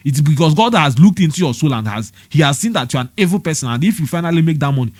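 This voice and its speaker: Nigerian man, young, preachy vlog monologue, repetitive and scolding, quick delivery, fairly high voice. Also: no echo. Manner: repetitive, scolding, rhetorical questions. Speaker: motivational vlogger.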